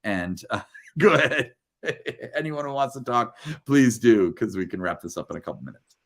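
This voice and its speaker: A man's voice: medium pitch, lively intonation, moderate pace. A man hosting a book launch on a video call, upbeat and chatty, laughing often between remarks. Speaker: host of a book launch livestream. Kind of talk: casual livestream hosting.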